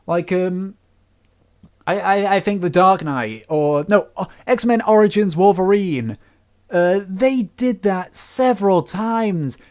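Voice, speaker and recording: A casual film reviewer who talks off the cuff. The delivery rambles and doubles back, with frequent restarts and fillers. There is a steady note of complaint running through it. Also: mid-range voice.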